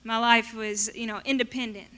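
A woman telling her personal faith testimony in an animated storytelling way. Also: on the high side, moderate pace. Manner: animated storytelling, acting out her past self in quotes. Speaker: speaker sharing a testimony.

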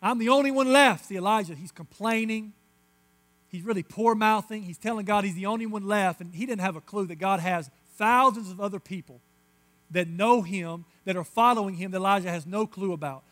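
Male pastor preaching, high voice, emphatic and repetitive, ranging from loud to hushed. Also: brisk. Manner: emphatic preaching, swinging between loud declarations and hushed, intimate asides; repetitive, insistent phrasing. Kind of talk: sermon.

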